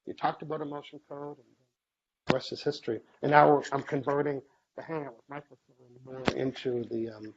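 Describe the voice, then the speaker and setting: A man hosting a live online question-and-answer show, chatty and animated, often acting out short quoted exchanges. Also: mid-range voice, a little fast. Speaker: host. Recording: muffled live-stream audio with faint hiss.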